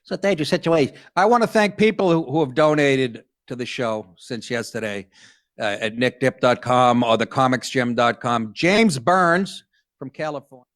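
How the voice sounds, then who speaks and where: A man's voice: mid-range voice, moderate pace, a bit bright, dry recording, clean studio sound. A middle-aged man hosting a comedy talk show, reading news stories aloud and riffing on them in a crude, sardonic way.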